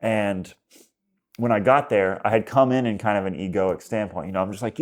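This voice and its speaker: A fairly low-pitched man speaks as a podcast guest in a relaxed, rambling way. He fills his story with "like" and acts out little quotes. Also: a little fast. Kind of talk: casual conversation.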